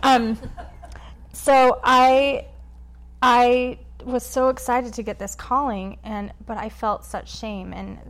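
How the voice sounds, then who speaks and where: A woman guest on a podcast, telling a personal story in a quick, animated way and acting out what others said. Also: on the high side. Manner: animated, quick storyteller who acts out quotes. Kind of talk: conversational storytelling interview.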